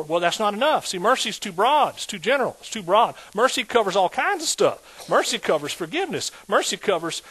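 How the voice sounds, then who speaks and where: A man preaching a sermon in a lively call-and-response manner, asking the congregation questions. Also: sits high, a little fast, hardly any pauses, breathy edge.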